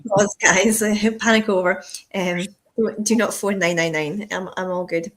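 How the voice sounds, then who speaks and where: A woman's voice: mid-range voice, fairly even intonation, normal speed. A Scottish woman co-hosting a casual live-stream chat from her home kitchen, chatty and sweary. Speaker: whisky shop co-host.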